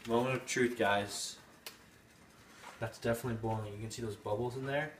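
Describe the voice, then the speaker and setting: A man's voice: medium pitch, fairly even intonation, fairly quick. A young man hosting a casual home cooking show in a goofy, rambling, playful way. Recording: echoey room with background noise.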